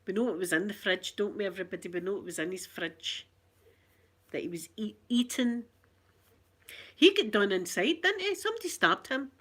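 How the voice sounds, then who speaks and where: Scottish woman, casual rambling chat, often laughing, phone recording, middle pitch. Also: animated, moderate pace, fairly bright tone. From Scotland. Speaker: channel host.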